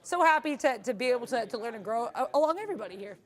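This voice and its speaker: A woman with a somewhat high voice chats through her live trades in an upbeat, loose way. She restarts sentences often and fills gaps with "um" and "like." The tone is friendly, casual stream talk. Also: expressive, rapid-fire. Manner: upbeat, rambling, many fillers and restarts. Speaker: day-trading stream co-host. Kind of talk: live trading commentary.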